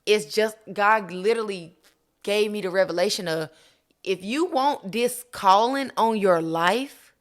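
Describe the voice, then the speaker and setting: A woman on a faith podcast in casual chat, speaking in an excited, emphatic, almost preaching way. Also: medium pitch, unhurried.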